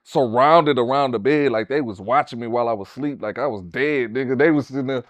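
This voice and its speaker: A middle-aged man from Houston, telling animated, profane stories as an interview guest. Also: medium pitch, brisk, no room sound. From Houston, Texas. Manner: profane, animated, street slang. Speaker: guest, tattoo artist. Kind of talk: casual storytelling interview.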